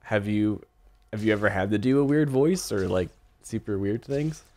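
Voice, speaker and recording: A man hosting a casual podcast, upbeat and quick to laugh. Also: fairly low pitch. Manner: laughs often, lively and upbeat. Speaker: podcast host.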